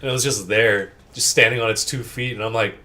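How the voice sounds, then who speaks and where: A man's voice: lowish voice, steady tone, a little fast, pushed and bright. A young man co-hosting a podcast, laid-back with dry one-liners. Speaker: podcast co-host. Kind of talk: casual podcast banter.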